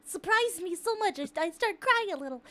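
A young woman streaming live, chatting with her viewers casually, excitable, laughing often and swearing freely. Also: very high-pitched, normal speed. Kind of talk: casual chat with a live chat audience.

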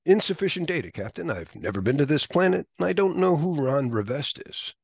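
A man playing a calm, logical alien science officer with flat, matter-of-fact delivery. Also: a little high, a little fast, gravelly, husky, no room sound, voice pushed up, heavily acted.

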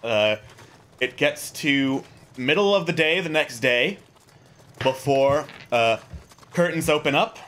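A man narrating as game master of a tabletop game, relaxed and with many filler words. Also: on the high side, takes it slowly, long pauses.

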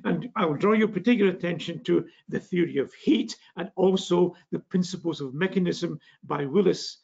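A man's voice: high-pitched, normal speed, gravelly, a little mellow, slightly rough, muffled recording. An older man with a northeast Scottish accent giving a public science lecture, genial, with frequent fillers and restarts. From Scotland. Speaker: physics lecturer.

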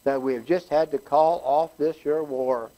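A man's voice: on the high side, fairly even intonation, normal speed, warm tone, close to an everyday voice, low-quality recording. A man voicing a folksy small-town Southern caller with a Southern accent, drawling and plainspoken while reading a joke aloud.

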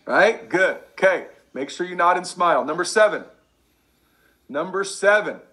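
A man coaching a sales team, energetic and repetitive, drilling catchphrases over and over. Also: high-pitched, moderate pace. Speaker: sales trainer. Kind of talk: energetic sales training talk.

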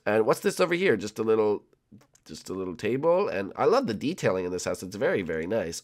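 A young man commenting on a building game, rambling and excitable with many fillers. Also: on the low side, quick pace. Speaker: gaming channel host. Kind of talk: gameplay commentary with role-play.

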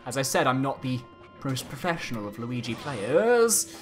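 Casting note: young man, let's-play commentator, lively pitch, excitable and exasperated, game music faint behind. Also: normal speed. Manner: animated, exclaiming, swings between excited and exasperated. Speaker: gaming YouTuber.

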